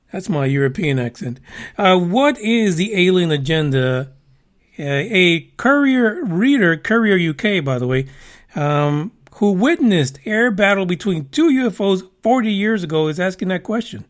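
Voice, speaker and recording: A man with a high voice hosts a casual podcast. He rambles through the news with profane, wisecracking asides. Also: expressive, a little slow. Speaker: podcast host.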